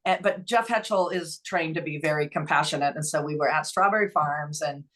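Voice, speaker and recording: A woman's voice: low voice, brisk. Middle-aged woman, earnest nonprofit founder guest, candid and heartfelt. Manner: earnest, emotional, quotes others in lively voices. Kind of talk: conversational storytelling.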